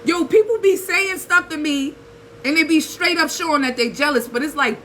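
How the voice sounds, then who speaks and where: Bright-voiced woman preaching casually. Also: sits high, normal speed, a little hiss or hum, poor audio. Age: 30s. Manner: animated, preachy, street slang, rhetorical asides. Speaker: spiritual channel host. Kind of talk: casual spiritual talk to camera.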